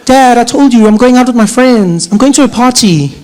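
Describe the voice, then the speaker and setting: A man's voice: very high-pitched, fairly quick, darkish tone, low-quality recording. A man voicing a whiny teenage daughter who pleads with her father. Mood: whiny pleading.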